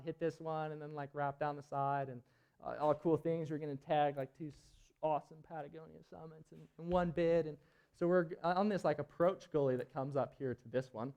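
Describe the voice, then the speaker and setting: With a medium-pitched, slightly mellow voice that's clear and resonant, a young presenter at a climbing event tells a climbing story to an auditorium audience. The telling rambles, laughs, and brims with filler words.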